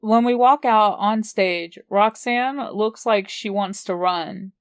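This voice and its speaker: Slow, clear woman reading a story. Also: medium pitch, dry recording, clean studio sound. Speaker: audiobook reader. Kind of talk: first-person story narration.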